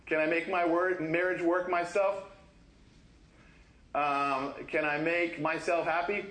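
Male pastor, fairly high voice, chatty sermon delivery with acted-out quotes, echoey church room. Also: little pitch movement, takes it slowly, a bit bright. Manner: conversational, acts out quoted voices, laughs often. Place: church sanctuary.

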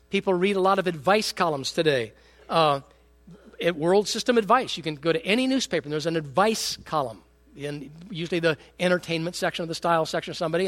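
Male pastor, high voice, emphatic sermon delivery with rhetorical questions and wry humor. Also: a bit bright.

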